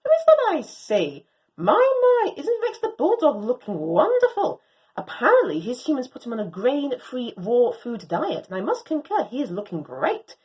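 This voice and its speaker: Brief: excitable young female Doberman in a storybook, read by a woman, grand phrasing, bright lively swoops. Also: normal speed, muffled recording. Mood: swaggering. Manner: theatrical, swooping pitch, grand old-fashioned phrasing. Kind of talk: storybook reading.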